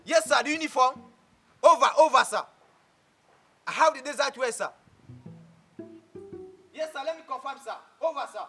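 Man as a soldier, very high bright voice, clipped and formal, faint music behind. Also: normal speed, pauses often, exaggerated voice. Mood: dutiful. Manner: clipped, formal, says "sir" constantly. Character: stern male soldier giving orders by phone.

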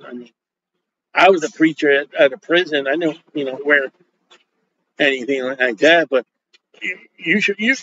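High-pitched joking preacher, lo-fi sound. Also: male voice, a little hiss or hum. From Polish Roman Catholic upbringing. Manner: joking, animated, acts out quoted dialogue. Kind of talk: sermon. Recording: dull lo-fi sound.

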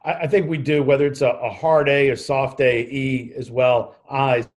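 A man's voice: medium pitch, steady tone, moderate pace. A man, co-hosting a casual talk show over a video call, enthusiastic and rambling, stumbling over his words. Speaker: co-host.

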